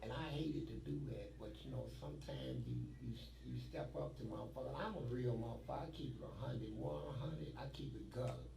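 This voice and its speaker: A man's voice: medium pitch, brisk, creaky, hardly any pauses, dark tone, reverberant, distant mic, slight background noise, rough recording. A man telling blunt, profane stories from prison life in a streetwise way, recorded in an interview.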